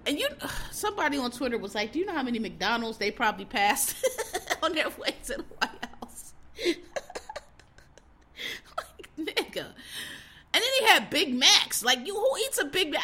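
A woman host ranting in a casual, profane, exasperated way, swinging between loud outbursts and low muttering. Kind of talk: casual opinion rant.

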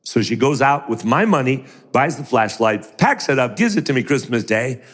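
A man's voice: medium pitch, normal speed, in a large hall. A middle-aged man preaching a sermon who acts out the voices of the people in his stories. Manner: animated, acts out voices in quotes.

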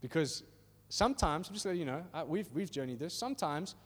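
A man with a high voice preaches to a congregation, conversational and animated, often checking in with his listeners. His voice rings out with the long reverb of a large hall. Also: a little fast, breathy edge. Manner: animated and conversational, acting out little voices, asks "are you with me?". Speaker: pastor. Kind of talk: sermon. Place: church hall.

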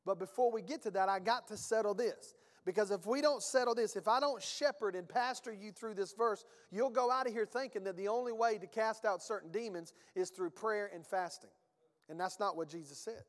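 A male pastor preaching a sermon, reading scripture aloud and swinging between emphatic bursts and quiet asides. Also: sits high, brisk, big-room sound.

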